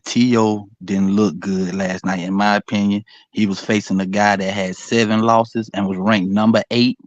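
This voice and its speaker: Low-voiced caller on a muffled line. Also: male voice, no echo. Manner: relaxed, friendly, opinionated. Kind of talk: casual call-in chat.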